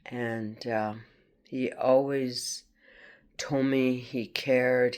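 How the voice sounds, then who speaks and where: A woman from France, speaking in a halting, rambling personal video monologue and confronting unseen hackers. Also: rumbling low, fairly even intonation, darkish tone, clean tone. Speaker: vlogger.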